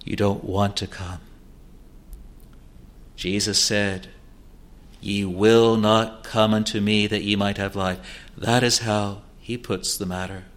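A man preaching a sermon in an earnest, pleading way, swinging between loud urging and hushed low asides. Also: fairly even intonation, takes it slowly, long pauses.

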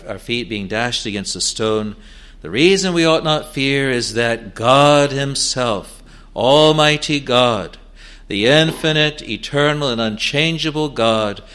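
A man preaching a sermon in an earnest, halting way, with many fillers and restarts, rising to emphatic declarations. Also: on the low side, a bit bright.

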